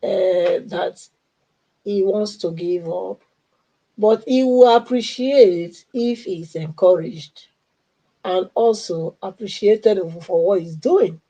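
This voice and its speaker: A man speaks slowly on a call-in line in a high, mellow voice. He explains his point in a measured way. The audio comes through dull and muffled. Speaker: caller. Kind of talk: call-in livestream talk.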